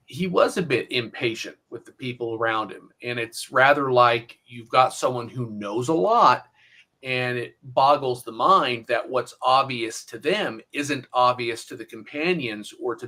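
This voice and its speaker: Bright-voiced analytical man. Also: mid-range voice. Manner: measured and analytical. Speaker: podcast co-host. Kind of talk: casual podcast discussion.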